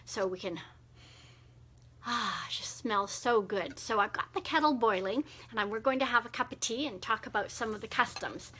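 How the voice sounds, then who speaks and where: A middle-aged woman hosting a casual live wellness video, talking gently with many fillers. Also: fairly high pitch, moderate pace, husky. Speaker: wellness host.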